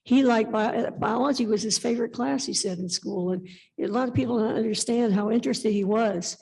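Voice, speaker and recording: A woman's voice: on the high side, a little fast, vocal fry, breathy edge, poor audio. A woman in her seventies, a guest at a conference interview, telling stories at length and acting out what people said. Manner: animated storytelling, acts out quoted speech.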